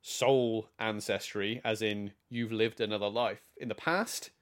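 A man's voice: on the low side, fairly even intonation, measured pace. A man co-hosting a podcast, chatting casually and rambling with many restarts and laughs. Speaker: podcast co-host. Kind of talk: casual chat.

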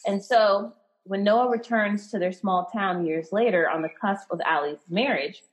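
A woman's voice: mid-range voice, moderate pace. A woman hosting a casual podcast chat, retelling a film with enthusiasm and filler words. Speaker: podcast host.

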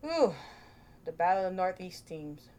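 A woman's voice: fairly low pitch, big pitch swings, unhurried, warm tone. A woman hosting a casual vlog, chatty and playful, thinking aloud into her own microphone. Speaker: vlogger host.

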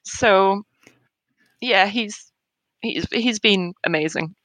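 A woman in her thirties, a bereaved mother in an interview, talking in a hesitant, halting way with soft laughs between thoughts. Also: medium pitch, no echo, low-quality recording. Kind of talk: emotional personal conversation.

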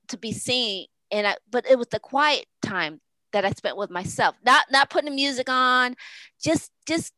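As a guest on a podcast, a woman talks in a casual, rambling, earnest way, often restarting and repeating words in this interview-style chat. Her voice is on the high side and a bit bright. The recording is dry and low in quality.

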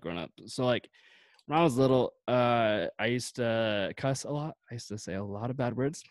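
A man's voice: mid-range voice, no room sound. A man chatting casually in a laid-back, rambling way, full of fillers. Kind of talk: casual chat.

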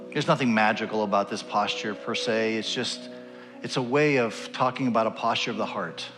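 A man leading his congregation in earnest prayer during a church service, rising toward fervent pleading. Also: on the low side. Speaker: pastor. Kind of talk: sermon prayer. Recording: long hall reverb with music behind. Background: instrumental worship music.

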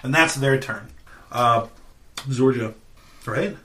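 A man's voice: slow, fairly bright tone. A man narrating as dungeon master of a tabletop game, playful and casual. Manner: playful, puts on squeaky goblin voices.

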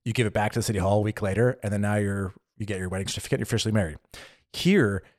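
A man's voice: on the low side, racing, no room sound, clean studio sound. A young adult man co-hosting a podcast, chatting casually and acting out little quotes as he tells a story. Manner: animated storytelling with acted-out quotes. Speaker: podcast co-host. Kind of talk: casual chat. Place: living in Germany.

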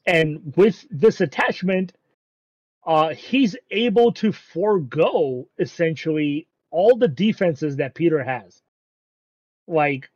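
A man's voice: on the high side, darkish tone, no room sound, highs cut off. Rambling man recapping an anime, casual. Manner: rambling, many ums, swears casually.

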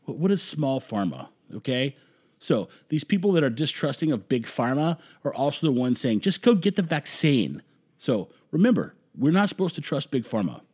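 A man's voice: medium pitch, sing-song, normal speed, darkish tone, breathy edge. A man hosting a talk show with an opinionated monologue, speaking emphatically, rambling and repeating words for effect. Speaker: commentary host.

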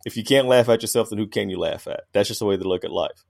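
Brief: lower-voiced male podcast co-host, emphatic, laughs while arguing. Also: quick pace, vocal fry, a little mellow. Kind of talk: casual debate chat.

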